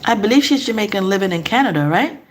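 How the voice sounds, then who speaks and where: A woman's voice: mid-range voice, animated, quick pace. A young woman from Nigeria chatting casually with her live-stream audience, laughing often and repeating herself.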